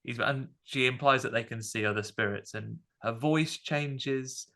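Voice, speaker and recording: Male co-host, gravelly and bright, animated film recap. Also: medium pitch, measured pace. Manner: animated, explains scenes in detail. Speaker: podcast co-host. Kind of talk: casual film discussion.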